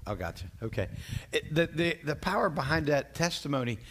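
A man's voice: on the high side, very animated, a little fast, breathy edge. A man leading a church class, affirming a student's testimony and then explaining its point. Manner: encouraging, affirming. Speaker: class teacher. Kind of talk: teaching, with short affirmations.

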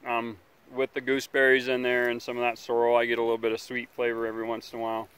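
Give me a relaxed man hosting an outdoor cooking vlog, with a smooth, resonant voice. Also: mid-range voice, quick pace. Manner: relaxed, rambling, talks while chewing. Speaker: outdoor survival channel host. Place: outdoors by a campfire.

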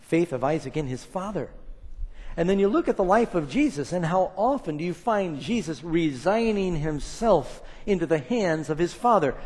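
A man preaching a sermon, retelling a story with dramatic swings between loud and hushed lines and acted quotes. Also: fairly high pitch, animated, moderate pace, husky. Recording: reverberant hall.

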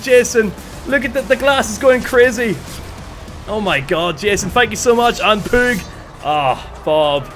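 A man with a high-sitting voice commentates a live game stream. He's excitable, his voice a little strained, and he thanks viewers along the way.

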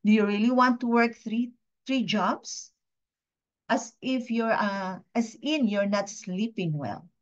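A woman gives a heartfelt testimony to a training audience, earnest and confiding, stopping often to put questions to her listeners. Her voice sits at a middling pitch, and the recording sounds a little dull and lo-fi. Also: slow pace. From Philippines. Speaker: guest speaker at a training session. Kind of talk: personal testimony talk.

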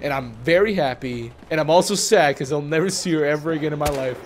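A man's voice: a little high, fast talker, a little hiss or hum. A young man chatting while gaming, telling rambling, profane stories with lots of laughing, recorded at home on a desk mic. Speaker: video uploader and player. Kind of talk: casual gaming chat. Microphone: home desk mic, audio only.

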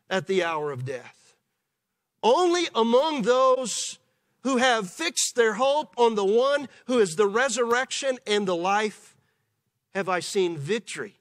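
Slow, animated preaching man. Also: high-pitched. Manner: measured preaching with slow emphatic pauses. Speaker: pastor. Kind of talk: sermon. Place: church.

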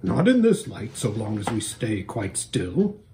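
A man's voice: on the low side, sing-song, unhurried, warm tone, a little hiss or hum, voice pushed down. Guy reading aloud as a proud talking war horse, kinda nervous, earnest, bouncy up and down voice. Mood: cautious. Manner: earnest, worried storybook dialogue. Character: proud male talking warhorse, anxious.

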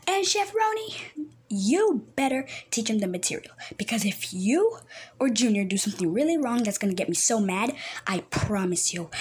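A woman voicing a loud, hot-tempered father in a puppet comedy skit, yelling taunts. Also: breathy edge, exaggerated voice. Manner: yells taunts in a high, swooping voice.

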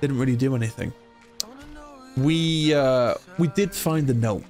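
An excitable young man talks through his video game playthrough, yelping and joking as things happen on screen. His pitch sits in a middle range, and steady game music plays behind him. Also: a little slow. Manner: excitable, chatty, exclamatory. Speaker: gaming YouTuber. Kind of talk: let's play commentary.

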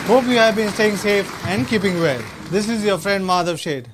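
A man's voice: sits high, normal speed, over music. A man giving a proud, rallying scripted keynote as a company executive at a product launch. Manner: proud, rallying, slightly stilted phrasing.

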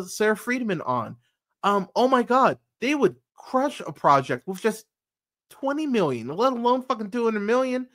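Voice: mid-range voice, a bit bright. A movie podcast host giving a casual review as a rambling, profane rant full of fillers and restarts.

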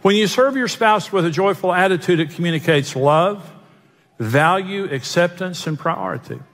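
A man's voice: high voice, moderate pace, fairly bright tone. A male pastor preaching a sermon, telling jokes and self-mocking stories. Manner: joking, self-mocking storyteller. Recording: long hall reverb.

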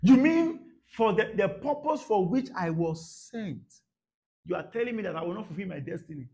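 A man delivering a sermon in a high, sing-song voice that leaps about in pitch. He drops into quiet murmurs, then shouts, repeating phrases to drive them home. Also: lively intonation, normal speed, creaky. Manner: dramatic, swings from soft murmurs to shouted bursts; repeats phrases for emphasis, laughs at his own points. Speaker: pastor.

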